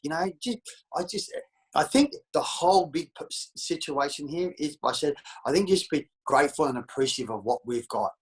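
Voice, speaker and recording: Blunt Australian man, husky voice. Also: a little high, sing-song, normal speed, low-quality recording. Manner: blunt and profane, calls everyone mate. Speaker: interview guest. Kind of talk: candid casual interview.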